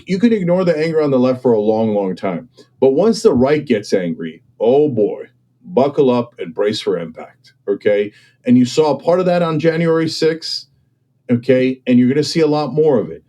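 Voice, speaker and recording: Speaking at a moderate pace, a man with a dark, expressive mid-range voice argues fervently in a political discussion, with the highs cut off. He is a commentator and guest who pushes his points emphatically, tosses in "okay?" and "right?", and imitates people's voices when quoting them.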